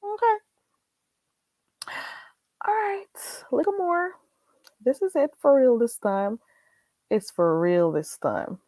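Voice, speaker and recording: A woman's voice: high-pitched, animated, takes it slowly, long pauses, mellow, no echo. A woman with a Caribbean accent, chatting bluntly and casually with viewers as a livestream host. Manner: blunt, chatty, frequent laughs. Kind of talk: casual live-stream chat.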